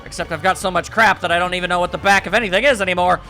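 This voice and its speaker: A man's voice: sits high, fairly even intonation, racing, sharp tone. A man giving casual, wry commentary over a game while reading its dialogue aloud. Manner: wry, chatty, reads out the game's dialogue. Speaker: let's play commentator. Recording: faint game music behind the voice.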